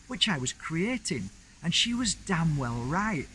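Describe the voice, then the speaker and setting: A man's voice: fairly high pitch, sing-song, normal speed, bright, forceful tone, slight background noise, rough recording. A man hosting his own channel, telling a personal story in a chatty, rambling, enthusiastic way. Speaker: crystal channel host. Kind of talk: casual storytelling to camera.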